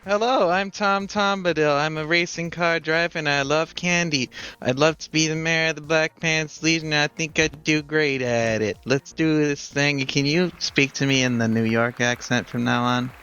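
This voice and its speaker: A man's voice: a little high, fairly even intonation, moderate pace, bright, forceful tone, clear, resonant tone. A man playing a chipper, goofy debate candidate, recorded on a slightly dull, lo-fi mic.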